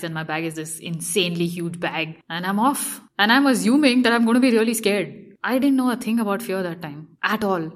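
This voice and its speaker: A young woman, a fashion designer, telling a personal story in a lively way and acting out her own past thoughts. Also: mid-range voice.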